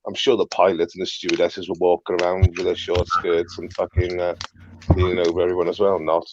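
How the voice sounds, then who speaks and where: A man's voice: low-pitched, monotone, a little fast, lo-fi sound, a little hiss or hum. A man from Britain chatting casually on a live stream panel, rambling and hesitant. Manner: rambling, hesitant with fillers and restarts. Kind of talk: casual chat.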